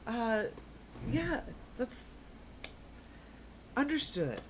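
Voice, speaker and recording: A woman's voice: fairly high pitch, very animated, extremely slow, slight background noise, voice pushed up, heavily acted. A woman playing a hesitant woman archer who stumbles over her words. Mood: sheepish. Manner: hesitant, repeats herself. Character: awkward woman archer, new to group life.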